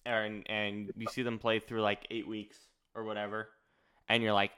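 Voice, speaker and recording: A man co-hosts a casual sports podcast, emphatic and rambling, quick to crack a joke. His voice is low and smooth, with a resonant clarity. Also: fairly even intonation, sharp tone. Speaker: podcast co-host.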